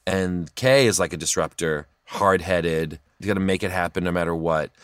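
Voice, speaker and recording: A middle-aged male comedian chatting as a podcast guest, telling animated, laughing stories about his young kids. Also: low voice, moderate pace, clear, resonant tone, no echo. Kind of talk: casual podcast chat, storytelling.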